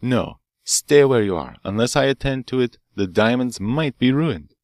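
A man reading an audiobook, voicing an excitable, vengeful French professor with a French accent who shouts menacingly. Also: medium pitch, moderate pace, no echo, studio quality, pitched above the performer's own voice, lightly acted. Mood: insistent.

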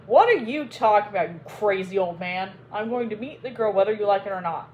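A woman reading aloud, voicing a brash young male army captain who is boastful and quick to fight. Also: medium pitch, animated, darkish tone, dull audio, slight background noise, close to an everyday voice. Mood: brash, challenging.

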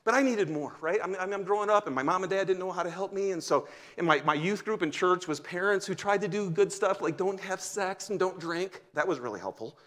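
Male preacher, high-pitched voice, lively storytelling sermon, hushed then loud. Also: fairly quick, few pauses. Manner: animated storytelling, drops to near-whisper in tender moments. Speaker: guest pastor. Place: church sanctuary.

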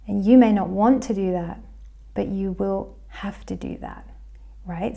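Gravelly Australian woman chatting astrology. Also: medium pitch, a little slow, mellow. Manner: chatty, thinking aloud with restarts. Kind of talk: casual astrology commentary to camera.

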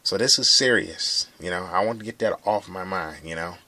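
A man's voice: low voice, moderate pace, pushed and bright. A young man rambling bluntly to his viewers in a casual vlog, swearing often. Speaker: vlogger. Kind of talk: rambling casual monologue to camera.

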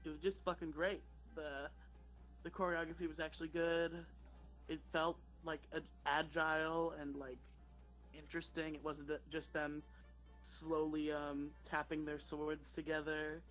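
A man's voice: on the high side, little pitch movement, unhurried, fairly bright tone, faint music behind. A young man, a guest on a casual podcast, giving blunt opinions with lots of "like". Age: young adult. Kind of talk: casual chat.

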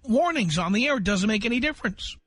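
A man's voice: sits high, expressive, fast, a bit bright, husky, dry recording. A man hosting a call-in radio show, talking in a blunt, opinionated, lecturing way. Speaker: radio talk show host.

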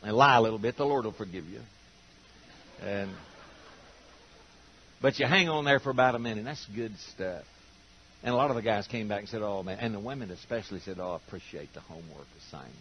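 In a dull, lo-fi recording with a little hiss or hum, an older preacher addresses his congregation in a church auditorium. His mid-range voice runs a little fast and pauses often as he tells folksy, funny homespun stories, acting out the quotes.

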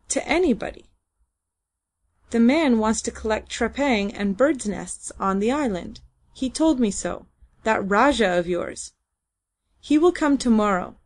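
A grumpy middle-aged trader from an audiobook, snapping short, irritated lines, as a woman reader puts him on. He sounds curt and cross, as if everyone is bothering him. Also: a little high. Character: peevish, growling middle-aged male trader.

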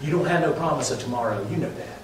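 A male pastor preaching a sermon, swinging from loud, impassioned calls to hushed prayer. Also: on the high side, expressive, fast talker, background noise. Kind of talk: sermon with altar call and prayer. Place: large church sanctuary. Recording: very echoey hall, mic distant.

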